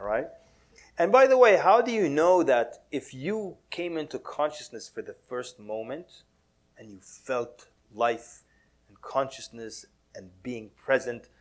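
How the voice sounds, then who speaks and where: A man giving a lively, joking talk to an audience at a mosque, mixing in Arabic words and acting out quotes. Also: mid-range voice. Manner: animated, playful, drops Arabic words, laughs often. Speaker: Muslim speaker giving a talk.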